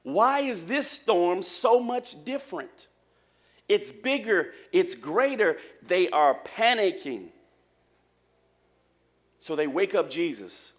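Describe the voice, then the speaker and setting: Lively joking preacher man. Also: sits high, slow, long pauses. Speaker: pastor. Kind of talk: sermon. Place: church.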